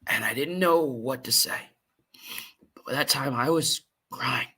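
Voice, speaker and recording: Male podcast host, husky and bright, earnest emotional storyteller, halting delivery. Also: mid-range voice. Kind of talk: personal storytelling monologue.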